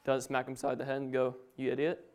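A man's voice: medium pitch, monotone, fast talker, darkish tone. Nervous young man preaching casually. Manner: nervous, chuckling, casual asides. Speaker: young preacher giving a family Bible talk. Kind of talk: informal sermon.

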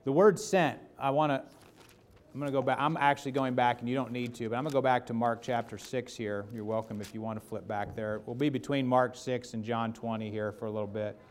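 A man's voice: mid-range voice, steady tone, brisk. Casual joking male preacher. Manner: casual and joking, asks the congregation questions, acts out quotes. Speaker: pastor. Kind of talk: conversational sermon.

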